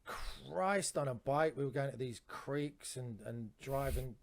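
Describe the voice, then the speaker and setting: A man's voice: medium pitch, measured pace, gravelly. A man, a comedian telling rambling anecdotes on a podcast with frequent restarts and swearing. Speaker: comedian guest.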